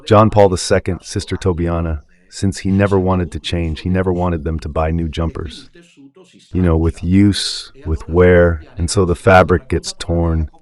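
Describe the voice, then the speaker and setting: A radio preacher with an Italian accent speaks in a deep, darkish voice, level in tone and measured in pace. He delivers impassioned, emphatic and rhetorical religious commentary, repeatedly asking if listeners understand.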